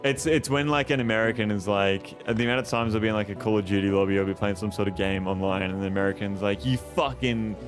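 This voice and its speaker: Laid-back low-voiced Australian streamer. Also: male voice, quick pace, hardly any pauses. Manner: relaxed, rambling, swears a lot, reads chat aloud. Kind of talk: casual live-stream chat. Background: game music.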